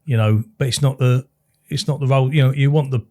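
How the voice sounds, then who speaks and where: A man's voice: medium pitch, fairly even intonation, fast talker, mellow. A man hosting a casual podcast chat, rambling and explaining through examples.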